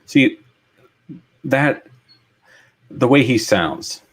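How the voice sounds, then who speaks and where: A man's voice: mid-range voice, expressive, extremely slow, fairly bright tone, breathy edge. A man co-hosting a chat show, joking and bantering in a laid-back way. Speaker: co-host. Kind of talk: casual chat.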